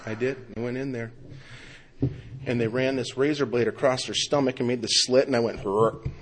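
Middle-aged man, personal testimony, rambling, heartfelt, filler-heavy, mid-pitched voice. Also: fairly even intonation, a little fast, noisy background. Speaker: speaker sharing his recovery story.

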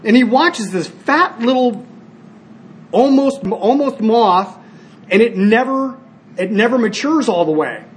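A man's voice: very high voice, unhurried, slight background noise. A man speaking at a recovery meeting, sharing personally and telling stories with animation. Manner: storytelling, animated when acting out scenes; earnest, frequent restarts. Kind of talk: personal share with told stories.

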